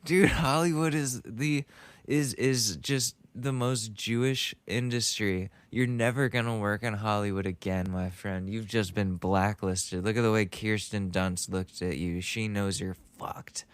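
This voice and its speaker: A man's voice: fairly low pitch, fairly even intonation, measured pace, clean tone, no echo. A young man hosting a podcast, riffing casually and joking about a clip he is playing. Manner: rambling, joking, laughs at own bits. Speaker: podcast host. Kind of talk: casual comedic commentary.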